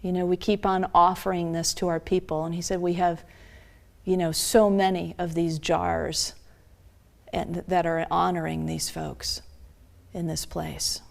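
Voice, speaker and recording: A woman minister preaching a sermon, retelling a story earnestly and slowing down for emphasis. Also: on the low side, level tone, creaky.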